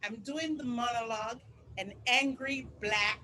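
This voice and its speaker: A woman's voice: fairly high pitch, a little slow, pushed and bright, slight background noise. A woman performing a comic stage monologue with a sassy, exaggerated delivery.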